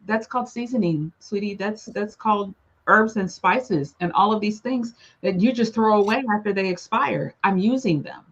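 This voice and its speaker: A woman tells family stories in a casual, animated way, slipping into the voices of relatives as she goes. Her pitch sits in a middle range. The recording sounds a little dull and lo-fi. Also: moderate pace. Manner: lively storyteller who acts out family members' lines. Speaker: panelist sharing her experience. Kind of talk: casual storytelling chat.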